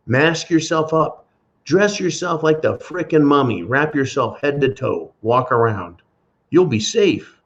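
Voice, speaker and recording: A man's voice: medium pitch, highs cut off. A man hosting a podcast, delivering a sarcastic, profane solo commentary rant. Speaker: podcast host.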